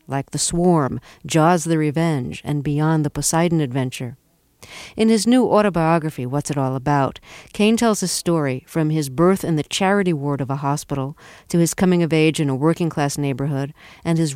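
A woman hosting a radio interview, reading a crisp scripted introduction and asking short questions. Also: low voice, lively intonation, normal speed, a little mellow, dry recording, clean studio sound. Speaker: radio host.

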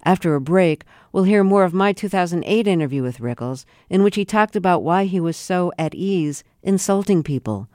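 A radio host reading scripted links between interview segments in a crisp, even delivery. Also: medium pitch, normal speed, hardly any pauses, no room sound, studio quality.

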